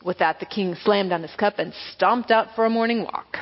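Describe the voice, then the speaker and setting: A woman pastor reading a children's story aloud with expressive storytelling. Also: medium pitch, moderate pace. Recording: echoey hall, dull lo-fi sound.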